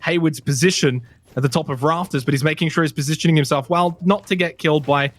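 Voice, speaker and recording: Excitable high-voiced male esports caster. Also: quick pace. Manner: excitable, shouting at big plays. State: losing his voice. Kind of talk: play-by-play commentary.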